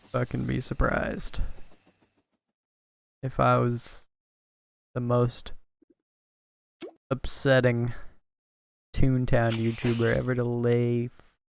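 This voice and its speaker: A man's voice: mid-range voice, gravelly. A young man with a slight Southern twang, rambling crudely and laughing through casual gameplay commentary at a home mic. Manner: vulgar, rambling, laughs often. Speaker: gaming YouTuber. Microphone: desktop mic at home.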